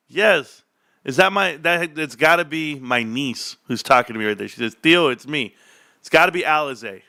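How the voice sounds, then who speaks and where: A man hosting a live stream in casual chat, excitable and giving shout-outs to viewers. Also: fairly high pitch, normal speed, vocal fry. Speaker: livestream host.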